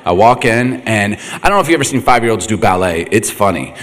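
A man's voice: on the low side, fast talker. A middle-aged man preaching a sermon, telling funny family stories with lots of laughter and acted-out voices. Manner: animated, laughing, acts out quotes. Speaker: pastor. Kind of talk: humorous sermon storytelling. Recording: echoey hall reverb.

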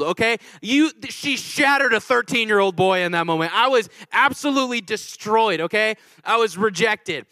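Young pastor guy, high bright voice, jokey and chatty sermon, dry close sound. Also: no echo. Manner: humorous, animated, chatty with the congregation. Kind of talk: sermon with storytelling.

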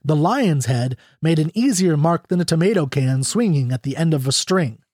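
A man narrating a classic short story in a measured, expressive audiobook reading. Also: a little high, no room sound, clean studio sound.

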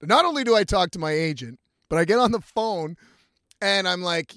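High-pitched male storyteller, cusses freely, animated, acts out every quote. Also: normal speed, dry recording, studio quality. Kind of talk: profane casual storytelling.

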